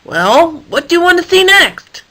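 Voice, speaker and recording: A woman voicing an eager young male circus animal who shows off his tricks, asking squeaky, excited questions in a storybook reading. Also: unhurried, exaggerated voice.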